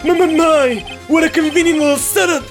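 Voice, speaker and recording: A woman's voice: high-pitched, brisk, voice pushed up. A woman doing a sneering arrogant prosecutor. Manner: sneering, haughty. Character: arrogant, cold male star prosecutor. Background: game music.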